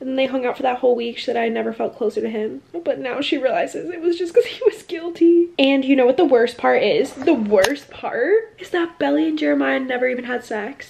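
Young woman book vlogger, casual, exasperated, fry in her voice. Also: high voice. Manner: animated, exasperated ranting with quoted dialogue. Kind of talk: casual chat.

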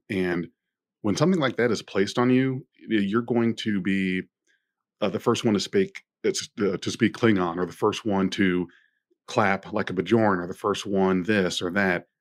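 A man co-hosting a podcast, talking thoughtfully in a halting casual way with frequent restarts. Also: low-pitched. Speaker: podcast co-host.

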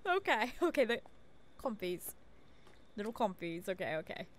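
A woman's voice: medium pitch, sing-song, normal speed, a little hiss or hum. A woman giving chatty, self-talking commentary while playing a video game, often giggling. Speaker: gaming streamer. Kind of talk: casual let's-play commentary.

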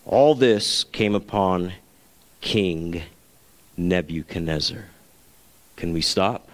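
A man's voice: low-pitched, slow, big-room sound. A man preaching a sermon as pastor, earnest, now and then acting out the voices he quotes.

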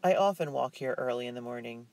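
A man voicing a cheerful, proper store clerk in an audiobook, his voice raised and lively. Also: mid-range voice, fast, no echo, natural voice.

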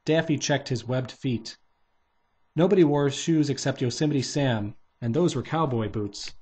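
A man's voice: medium pitch, measured pace, a little mellow, slightly rough. A man casually reading a children's novelization aloud, barely changing his voice for the characters.

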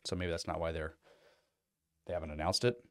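A man with a low voice tells loose, rambling stories, swearing freely and leaning on fillers like "like" and "you know". He sounds close and dry, with no room echo at all. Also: fairly even intonation, fairly quick. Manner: rambling, profane storytelling with fillers; mimics other people in quoted bits. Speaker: vlogger. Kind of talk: casual chat.

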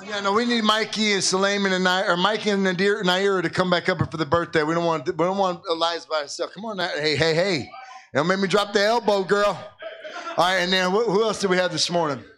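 A man's voice: high-pitched, steady tone, fairly quick, a bit bright. A pastor leading a church service with children, playful and joking, often laughing as he talks. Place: church in Philadelphia.

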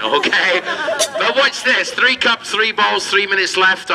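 A man's voice: medium pitch, pushed and bright, a little hiss or hum, low-quality recording. A man performing as a street magician, doing cheeky comedy patter and bantering with the crowd at an outdoor show.

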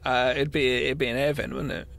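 A man's voice: medium pitch, little pitch movement, a little fast, vocal fry, a bit bright. A man co-hosting a podcast, chiming in with short, dry remarks. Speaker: podcast co-host. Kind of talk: casual banter.

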